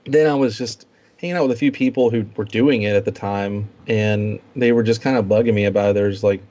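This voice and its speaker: A man chatting casually as a podcast guest, telling animated stories and acting out what others said. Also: fairly quick, muffled recording. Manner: animated storyteller, quotes people in a higher voice. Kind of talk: casual chat.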